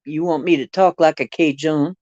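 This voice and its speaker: A woman's voice: low voice, fairly even intonation, normal speed, dark tone, no echo, muffled recording. A woman hosting a casual livestream, musing and rambling while she answers viewer comments. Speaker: livestream host reading viewer chat.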